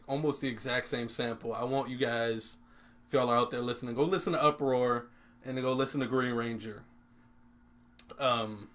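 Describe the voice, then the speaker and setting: A man's voice: mid-range voice, fairly bright tone. Young man bantering on a podcast. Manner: laughing, profane, jokey banter. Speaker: podcast co-host. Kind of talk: casual chat. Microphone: headphones and studio mic.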